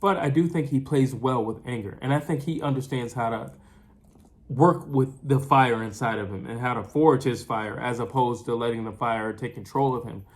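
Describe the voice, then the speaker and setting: A man in a casual recap monologue about a fight, speaking at an ordinary middle pitch. He is animated and repetitive, stacks "I don't understand why" lines, and keeps restarting with fillers. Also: normal speed. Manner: animated, repeats phrases, many fillers and restarts. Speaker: boxing commentator.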